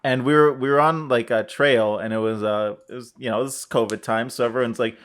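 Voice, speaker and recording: A man co-hosting a podcast in casual chat, an animated storyteller who acts out quotes in a raised voice. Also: medium pitch, brisk. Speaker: podcast co-host.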